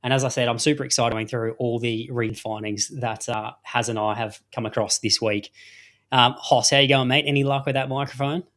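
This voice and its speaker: A man's voice: mid-range voice, fairly even intonation, a little fast, few pauses, fairly bright tone. Chatty Australian male podcast host. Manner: chatty, apologetic, upbeat promo patter. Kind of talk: live fantasy sports show.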